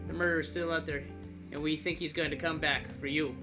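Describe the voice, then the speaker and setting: A man's voice: a little high, level tone, a little fast, lightly acted. Guy doing a new york cab boss, middle-aged, fatherly, all business, music behind. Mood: earnest. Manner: pushy, talks business.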